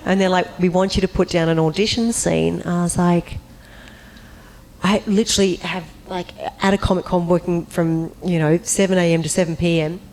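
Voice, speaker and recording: A woman on a convention panel telling an animated anecdote, acting out voices and breaking into high, laughing squeals. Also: normal speed, slight background noise, rough recording.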